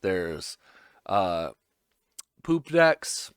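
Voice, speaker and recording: A man's voice: low-pitched, very animated, extremely slow, clean tone, no room sound, clean studio sound, pitched below the performer's own voice, exaggerated voice. A man voicing a laid-back, cocky male pirate captain in a casual, joking manner. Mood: breezy.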